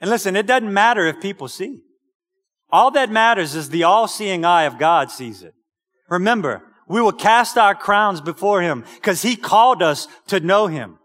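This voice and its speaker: Male preacher, high voice, exhorting sermon delivery, long echoing church reverb. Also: lively intonation, normal speed, fairly bright tone. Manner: exhorting, calls out "Amen?" to the congregation.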